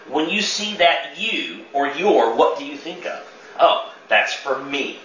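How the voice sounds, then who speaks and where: A man leads a church teaching session conversationally, quizzing the room and repeating words as he thinks, in an interactive teaching talk. His fairly high voice is pushed and bright, a little slow, with lively intonation. Recorded from far off in an echoey, dull room with a little hiss or hum.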